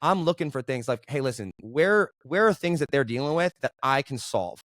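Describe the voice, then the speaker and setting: Fast-talking animated man, guest storyteller. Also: mid-range voice, no room sound. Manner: animated, keeps asking "right?". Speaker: podcast guest, entrepreneur. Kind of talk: casual interview storytelling.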